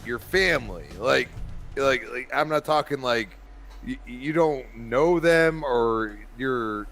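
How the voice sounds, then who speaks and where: A man's voice: mid-range voice, slow, vocal fry, faint music behind. Man telling rambling family stories. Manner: rambling animated storyteller, many restarts and laughs. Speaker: podcast co-host. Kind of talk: casual chat.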